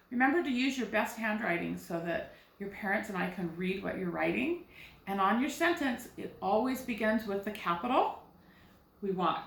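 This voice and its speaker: Slow, careful woman teaching first graders. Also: on the high side, a bit bright, reverberant. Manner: slow, clear teacherly explaining to young children. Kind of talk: recorded phonics lesson.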